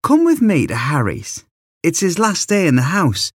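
A man doing a soft coaxing mother. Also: fairly high pitch, wildly swooping pitch, moderate pace, slightly rough, no room sound, clean studio sound, voice pushed up, exaggerated voice. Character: coaxing mother, gentle and persuasive.

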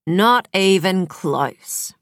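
A woman reading an audiobook, voicing a male crime scene technician who talks in a plain, measured, factual way. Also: high voice, expressive, fairly bright tone, no echo, clean studio sound, full character voice. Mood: firm. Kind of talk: audiobook character voice.

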